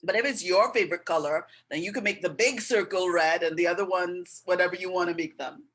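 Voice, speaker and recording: In a low-quality recording, a middle-aged art and language tutor walks the viewer patiently through an art and writing lesson step by step, checking in frequently. She speaks fairly quickly in a voice on the low side with a fairly bright tone.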